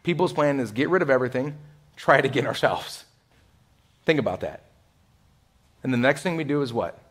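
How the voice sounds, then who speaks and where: A male pastor delivering a sermon in a conversational way, swinging from loud, emphatic lines to hushed ones and acting out the voices he quotes. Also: mid-range voice, lively intonation, a little fast. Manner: conversational, many "like" asides and laughs. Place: church sanctuary.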